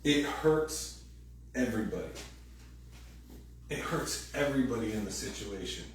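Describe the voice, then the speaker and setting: A man giving a sermon as pastor, animated and conversational, acting out quoted voices loudly. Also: mid-range voice, unhurried. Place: church hall. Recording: very echoey room, distant mic, faint noise.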